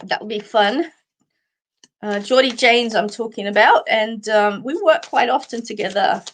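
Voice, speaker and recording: Speaking a little slowly in a slightly high voice, with some faint background noise, an Australian psychic medium hosts live card readings. Her manner is warm and conversational, packed with fillers, and she addresses viewers as sweetheart.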